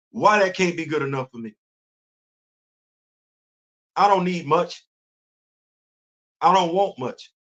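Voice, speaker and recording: This middle-aged host's voice is on the high side and a bit bright, heard through dull audio. While answering his live chat, he gives fervent, colloquial livestream commentary with a preachy edge.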